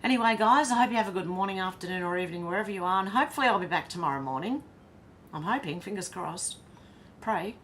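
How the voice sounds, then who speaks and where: An Australian woman chats casually while reading out viewer comments, answering each one. Her voice sits fairly low, with a faint rumbling hiss behind it. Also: expressive, fast talker, a bit bright. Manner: chatty, reads comments aloud and reacts. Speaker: livestream host reading chat.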